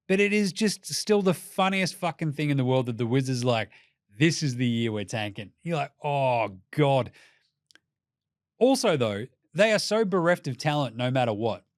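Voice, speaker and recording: A man's voice: fairly high pitch, animated, normal speed, no echo, clean studio sound. A man with an Australian accent hosting a casual basketball commentary show. He talks in a jokey, profane way and mocks teams in put-on voices. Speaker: basketball podcast host.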